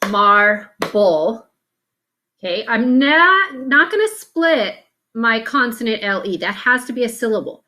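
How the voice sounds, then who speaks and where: A woman's voice: on the high side, bright, forceful tone. A woman teaching a phonics lesson, patiently sounding out letters one at a time and breaking words into syllables.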